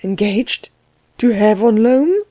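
A woman's voice: on the high side, expressive, moderate pace, dark tone, no echo, voice pushed up. A woman reading aloud, voicing a naive, lovesick young male vicar who talks eagerly. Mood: aggrieved. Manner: eager, then stunned and wounded.

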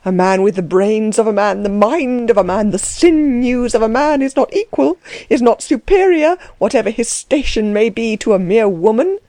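A woman voicing an agitated, indignant young male tutor who bursts out in trembling, shrill tirades. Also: animated, unhurried, mellow, no echo, close to an everyday voice. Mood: furious.

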